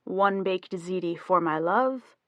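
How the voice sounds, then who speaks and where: A woman's voice: on the low side, slow pace, dry recording, lo-fi sound. Woman reading as a playful young husband. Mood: teasing. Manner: teasing, joking banter. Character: easygoing playful young husband, rock musician.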